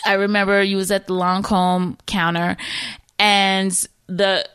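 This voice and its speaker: A woman hosting a podcast, chatting casually with a friend, animated and swearing freely. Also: mid-range voice, a little slow, smooth, dry recording. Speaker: podcast host. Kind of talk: casual chat.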